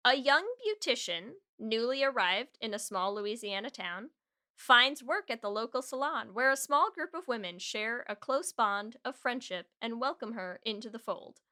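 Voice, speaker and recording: A woman's voice: fairly high pitch, normal speed, bright, forceful tone. A woman co-hosting a podcast in playful, chatty talk, also reading a synopsis aloud. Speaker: podcast co-host. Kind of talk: casual podcast chat.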